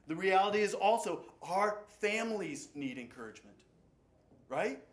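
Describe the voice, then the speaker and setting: A man preaching a sermon as pastor, swinging between loud urgent passages and quiet low ones. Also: animated, moderate pace, echoey room.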